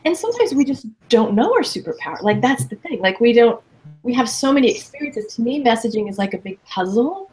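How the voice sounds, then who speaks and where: Guest coach, woman in her fifties, emphatic, conversational, energetic delivery. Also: on the high side, a little fast, faint music behind. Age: 50s. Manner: lively, emphatic, quotes people in playful voices. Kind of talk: casual interview chat.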